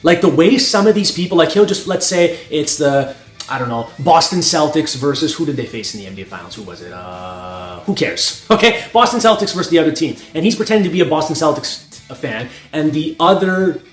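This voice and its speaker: A man's voice: on the high side, expressive, brisk. A young North American man, a strength coach, giving a blunt, profane opinion monologue and laughing at his own points. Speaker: strength coach and channel host. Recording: echoey room with faint music.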